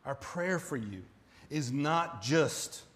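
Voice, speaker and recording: A man's voice: mid-range voice, animated, takes it slowly. A man preaching a sermon as pastor, conversational, asking the congregation direct questions and building to emphatic peaks. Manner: emphatic, rising to near-shouting at peaks.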